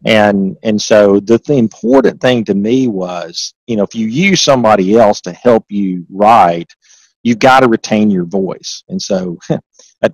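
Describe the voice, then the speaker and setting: A man's voice: lowish voice, lively intonation, measured pace, slightly rough, no echo, rough recording. A man with a Southern accent, talking as an interview guest in a folksy, rambling way, full of restarts, and turning emphatic when he makes a point. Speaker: interview guest, author and accountant. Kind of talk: casual interview talk.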